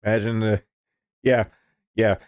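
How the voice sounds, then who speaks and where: Low-voiced man rambling over the news. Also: little pitch movement, a little slow, a little mellow, no echo, studio quality. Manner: rambling, profane, lots of fillers. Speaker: streamer reading the news. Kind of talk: casual news commentary.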